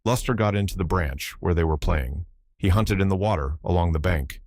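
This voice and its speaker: A man narrating an audiobook in a measured, plain storytelling manner on a close studio mic. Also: sits low, a little mellow, dry recording. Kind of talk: scripted literary narration.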